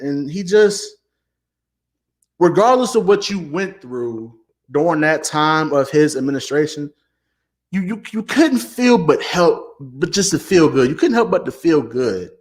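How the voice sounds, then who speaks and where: Animated young man host, stammering. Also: a little high, a little slow. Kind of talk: casual commentary.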